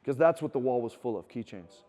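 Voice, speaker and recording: In a teaching room full of students, a middle-aged speaker at a Christian wilderness school delivers a chatty sermon in a mid-range voice, a little on the fast side. He performs the dialogue in his stories and works up to lively emphasis.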